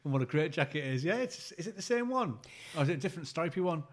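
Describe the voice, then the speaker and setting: A man co-hosting a casual podcast, his pitch moving about in a lively way. He banters, chuckles and often restarts his sentences. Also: rapid-fire. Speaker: podcast co-host. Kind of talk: casual chat.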